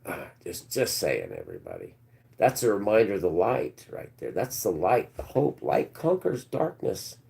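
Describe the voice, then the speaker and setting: A man hosting a live stream, preaching and ranting, swinging between loud outbursts and low mutters. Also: huge pitch swings, moderate pace, creaky.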